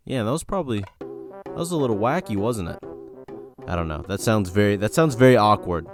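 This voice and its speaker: A man's voice: fairly low pitch, animated, fairly quick, faint music behind. A man hosting a casual commentary video, reacting to posts in a wry, exasperated way. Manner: wry and exasperated, with mock warnings.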